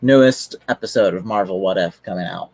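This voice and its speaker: Low-voiced man rambling on a stream. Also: a little fast, creaky, a little mellow, no room sound, poor audio. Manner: rambling, many fillers and restarts. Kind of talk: casual livestream chat.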